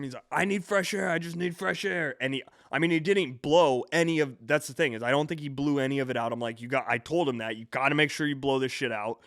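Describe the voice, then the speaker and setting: A man's voice: medium pitch, fairly bright tone, smooth, dry recording, studio quality. A man in his twenties hosting a podcast, telling a long rambling story with lots of swearing and restarts. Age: 20s. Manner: rambling, profane, self-correcting storyteller. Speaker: podcast host. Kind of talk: casual storytelling monologue.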